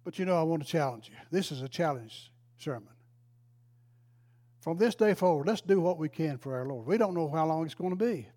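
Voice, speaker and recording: A man's voice: fairly high pitch, expressive, brisk, warm tone. An older man, a retired pastor, telling a folksy, emotional story in a sermon. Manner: folksy, emotional, exclaims praise.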